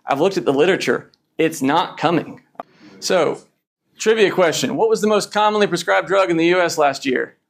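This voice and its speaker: Blunt man in a lecture, gravelly, slightly high voice, keeps asking "okay?". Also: moderate pace. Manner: blunt, punchy, frequent "okay?" check-ins. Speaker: emergency physician lecturing. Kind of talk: conference lecture.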